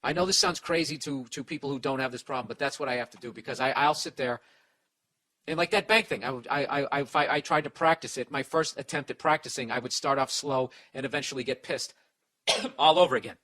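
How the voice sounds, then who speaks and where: A man's voice: mid-range voice, fast talker, bright, forceful tone. A middle-aged man hosting a podcast, giving blunt, profane comic advice in a self-deprecating rant.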